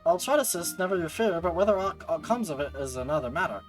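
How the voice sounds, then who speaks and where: A man reading aloud the lines of a stately woman guild master in a game, in measured, archaic phrasing. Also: a little high, expressive, faint music behind, lightly acted.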